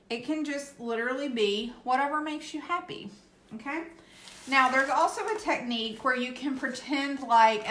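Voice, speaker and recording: A woman's voice: sits high, fairly bright tone. Chatty woman in echoey room. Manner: chatty, reassuring, tags with "okay?". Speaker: craft channel host. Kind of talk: casual painting tutorial.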